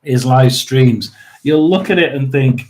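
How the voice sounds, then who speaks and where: A man hosting a tarot and paranormal live stream, chatting casually, rambling with lots of restarts and throat-clearing. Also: mid-range voice, a little slow, darkish tone. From United Kingdom.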